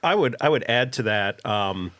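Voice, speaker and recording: A man's voice: mid-range voice, expressive, moderate pace, fairly bright tone. A man who builds pedals, a guest on a podcast, talking at length with dry humor. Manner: long-winded, dry humor. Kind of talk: casual chat.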